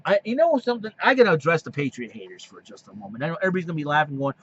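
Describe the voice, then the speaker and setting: A man's voice: on the high side, very animated, rapid-fire, slightly rough. A man hosting a solo sports and wrestling podcast. He rambles and restarts his sentences, then slides into heated rants that scold opposing fans. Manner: rambling, repeats himself and restarts. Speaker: podcast host. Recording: dull lo-fi recording.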